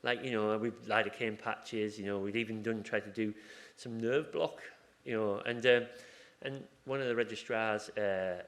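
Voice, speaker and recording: His lowish, fairly bright voice keeps a fairly even intonation at a moderate pace, with hardly any pauses. A hospital surgery team's acupuncturist, he talks informally at a conference, takes questions from the audience, and reenacts conversations from the ward.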